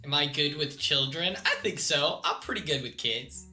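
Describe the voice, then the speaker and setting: A man's voice: a little high, lively intonation, moderate pace, bright, forceful tone, soft background music. A young man chatting casually on a live stream, laid-back and slangy, with restarts and laughs.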